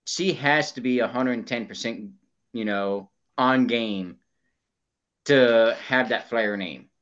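A man co-hosts a podcast with a mid-pitched voice and gives his opinions freely. He works his way through each point as he goes. His audio sounds dull and muffled, as if recorded on a lo-fi setup. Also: slow, fairly bright tone. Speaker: podcast co-host. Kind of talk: casual chat.

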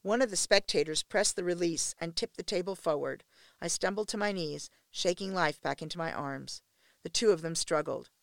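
Gravelly woman reading an erotic story. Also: lowish voice, moderate pace, dry recording. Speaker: audiobook narrator. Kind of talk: first-person erotic story narration.

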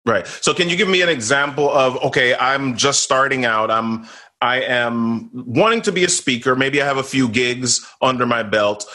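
A man's voice: mid-range voice, sharp tone. A man hosting a podcast interview, asking probing questions and throwing in short eager reactions. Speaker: podcast host. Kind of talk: casual interview talk.

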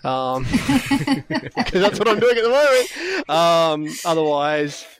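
A man's voice: a little high, big pitch swings, takes it slowly, a bit bright, dry recording. An Australian man on a podcast, joking and laid-back, swearing casually in banter. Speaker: podcast co-host.

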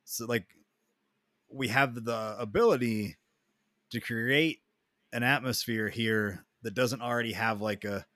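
A man co-hosting a casual podcast, talking bluntly with plenty of cursing and quick reactions. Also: medium pitch, pushed and bright, dry recording, clean studio sound. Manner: blunt, profane, short reactions. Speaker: podcast co-host. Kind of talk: casual chat.

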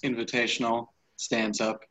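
A man in the game master's seat, narrating scenes with a loose, joking touch. His voice sits at an ordinary middle pitch. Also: little pitch movement, moderate pace, fairly bright tone, low-quality recording. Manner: loose, jokey improvised narration.

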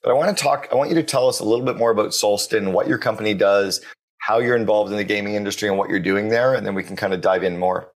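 A man's voice: on the low side, fast talker. A man hosting a business podcast, speaking with emphatic enthusiasm and repeating key words for stress. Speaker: podcast host. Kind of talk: business interview.

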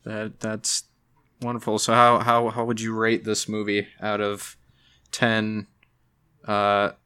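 A man with a bright, forward voice chats casually on a movie podcast. He mostly answers with short agreeing replies and easy chuckles. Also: on the low side, monotone, slow pace, smooth. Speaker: podcast co-host. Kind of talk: casual movie review chat.

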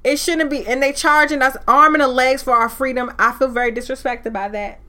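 A woman's voice: high-pitched, steady tone, fairly quick. A woman hosting a solo podcast, speaking, ranting fiercely and preaching with rising anger. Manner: fiery, preachy, loud at times. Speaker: podcast host. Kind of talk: impassioned solo podcast rant.

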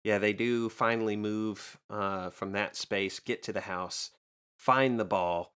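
Low-voiced man casually recapping a movie. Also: slow pace, clean tone. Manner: relaxed, hesitant with many fillers, wry. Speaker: podcast co-host.

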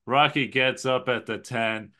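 A man's voice: medium pitch, steady tone, measured pace, sharp tone. A man co-hosting a podcast, chatting casually and recapping movie scenes with enthusiasm. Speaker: podcast co-host.

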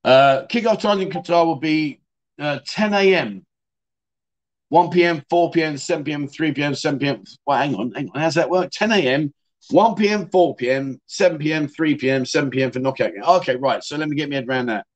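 A middle-aged man chats loosely on a livestream. He answers viewers in a blunt, joking way and keeps calling them mate. His voice sits a little higher than most men's. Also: fairly quick. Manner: chatty, blunt, swears, jokey, says mate a lot. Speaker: livestream host. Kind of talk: casual chat reading viewer comments.

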